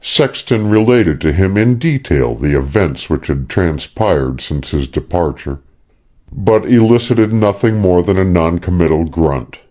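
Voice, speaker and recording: Male audiobook narrator, very low, slow, expressive reading. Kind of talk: scripted narration.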